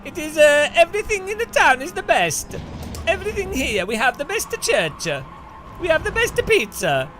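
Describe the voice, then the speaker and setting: A man's voice: extremely high pitch, big pitch swings, moderate pace, a little hiss or hum, pitched above the performer's own voice, heavily acted. Man hamming up a bragging mock-italian local. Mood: boastful. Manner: bragging, rising shouty delivery. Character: boastful Italian man proud of his hometown.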